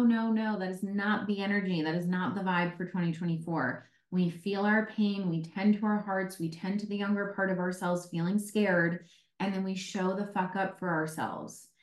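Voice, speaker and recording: A woman's voice: medium pitch, a little mellow. Candid swearing woman coach, roomy echo. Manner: mimics others' voices in quotes. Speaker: life coach. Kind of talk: casual solo podcast monologue.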